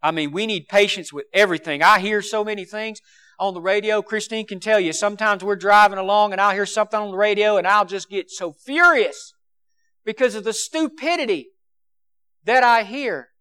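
A man preaching a sermon with passion, swinging between loud emphasis and quiet asides. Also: sits high, brisk, clean tone.

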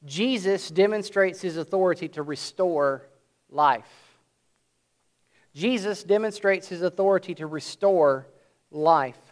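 A high-pitched man delivers an earnest sermon. He reads passages of scripture and then explains them, drawing out key words and lifting his voice to drive them home. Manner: earnest preaching, slows and swells for emphasis. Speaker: preacher.

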